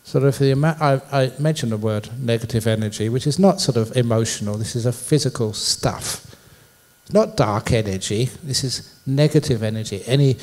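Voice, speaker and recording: Playful monk telling stories in a talk. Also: male voice, mid-range voice, a little mellow. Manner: playful storyteller, jokes with the audience. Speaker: Buddhist monk giving a public talk. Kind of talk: public dharma talk with stories. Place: university lecture hall.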